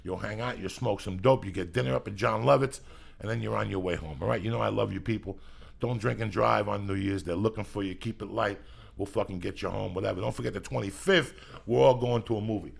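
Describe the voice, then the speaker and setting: A middle-aged male podcast host with a low, deeply gravelly voice and a husky edge. He talks fast, loud and profane, rambling through comedic banter. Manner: loud, rambling, heavy swearing, gravelly and raspy.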